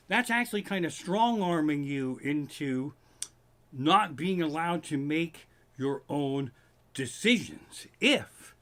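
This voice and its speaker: A man in his living room doing a stand-up rant on a livestream. His pitch sits fairly high and swings up and down a lot as he rants with plenty of swearing. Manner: profane, ranting, animated. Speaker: comedian hosting a livestream.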